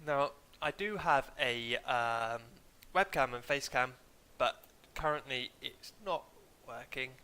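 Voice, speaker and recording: A man's voice: medium pitch, takes it slowly, hardly any pauses, pushed and bright, clean tone. A young man chatting casually while streaming a game, in a rambling, droning way and sniffling from hay fever. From England. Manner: rambling, chatty, self-deprecating. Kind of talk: casual gaming stream commentary. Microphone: desk mic, muted now and then.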